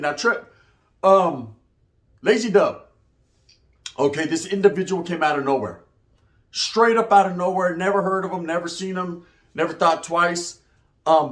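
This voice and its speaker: A man's voice: sits high, a bit bright. A man, giving rambling, profane commentary in street slang with Spanish words mixed in. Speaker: commentary vlogger.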